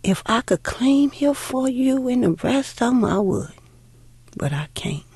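A woman acting out her own devout mother, patiently reciting scripture to a child in a gentle, soft voice. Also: high voice, animated, unhurried, breathy edge, dry recording, voice pushed up, full character voice. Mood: tender.

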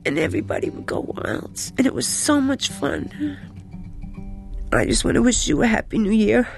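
A woman recording personal messages to her young son, speaking tenderly and haltingly with pauses and restarts. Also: fairly high pitch, very animated, vocal fry, faint music behind. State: crying.

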